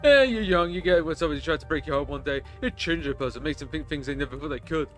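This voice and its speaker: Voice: medium pitch, racing, faint music behind, lightly acted. A streamer putting on a rambling bus stranger. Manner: rambling, crude storytelling. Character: chatty rough man, stranger on a bus.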